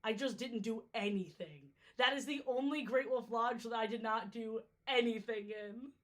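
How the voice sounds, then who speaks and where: On a livestream ranking water parks, a young woman from New York keeps things jokey and casual, drifting off topic easily. She talks at a moderate pace in a slightly high, fairly bright voice that sounds a bit tired.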